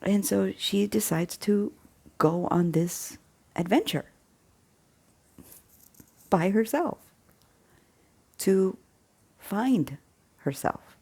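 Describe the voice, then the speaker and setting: A woman casually retelling a film plot, an animated storyteller who chuckles and drops into hushed asides. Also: mid-range voice, extremely slow, gravelly, pauses often, husky. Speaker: faith channel host.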